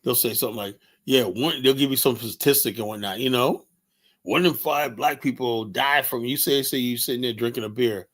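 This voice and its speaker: A man's voice: medium pitch, fairly quick, a bit bright. A man hosting a show, ranting bluntly and angrily with profanity and constant "you know"s. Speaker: host. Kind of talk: casual ranting commentary.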